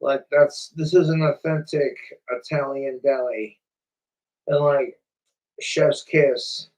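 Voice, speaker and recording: A man's voice: mid-range voice, fairly even intonation, takes it slowly, darkish tone, recorded from a distance, rough recording. A man chatting casually on a livestream, rambling, profane and repetitive.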